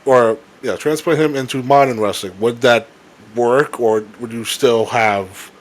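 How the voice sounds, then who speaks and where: A young man co-hosting a casual chat, rambling with halting restarts and swearing freely. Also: mid-range voice. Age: young adult. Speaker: podcast co-host.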